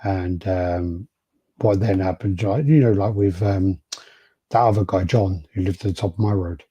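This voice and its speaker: Low mellow man rambling. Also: husky, no room sound. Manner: rambling, halting, swears, laughs often. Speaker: podcast co-host. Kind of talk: casual chat.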